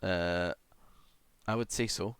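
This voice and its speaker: A man's voice: sits low, steady tone, slow pace, a bit bright, clear, resonant tone, no echo. A young adult man livestreaming and chatting casually, rambling and self-deprecating, swearing often and humming idly between thoughts. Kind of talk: casual live-stream chat.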